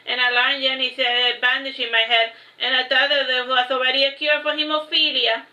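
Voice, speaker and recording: A woman reads her own story aloud in the first person, taking each phrase slowly and deliberately. Her voice sits high and sounds bright, with an even, narrow pitch. The recording is roomy and a little muffled. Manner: slow, measured read-aloud delivery. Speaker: author reading her book. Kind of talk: first-person book reading. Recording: echoey room, slightly dull sound.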